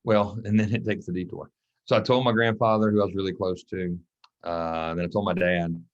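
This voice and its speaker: A man, a coach from Mississippi, telling his story in a casual interview, animated, acting out the voices of people he quotes. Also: low voice, a little fast. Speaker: guest, track and football coach. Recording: dull lo-fi podcast audio.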